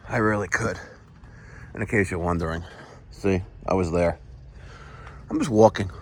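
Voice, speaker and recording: Walking outdoors through a poolside resort, a middle-aged man talks to his viewers in a low-pitched voice at normal speed, calling them folks and occasionally lowering to a whisper. His casual, chatty vlog carries slight background noise.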